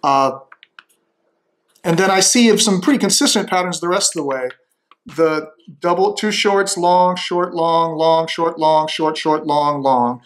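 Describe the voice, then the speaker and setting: A man thinking aloud as he slowly works through a demonstration, tentative and musing, with frequent restarts. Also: fairly high pitch.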